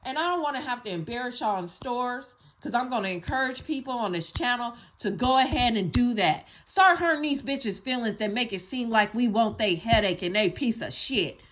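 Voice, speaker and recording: A woman hosting her channel, delivering a blunt, profane, scolding rant that swings between loud outbursts and quiet asides. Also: a little high, expressive, moderate pace, hardly any pauses, slight background noise. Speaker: channel host. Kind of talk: casual rant monologue.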